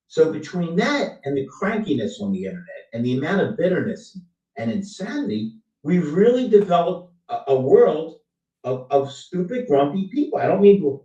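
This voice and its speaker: A man hosting a casual online chat, animated and teasing, his voice rising and falling as he talks. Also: mid-range voice, moderate pace. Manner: animated, teasing, swings loud and soft. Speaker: host. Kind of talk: casual chat on a video call. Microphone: video call. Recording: dull, roomy sound, distant from the mic.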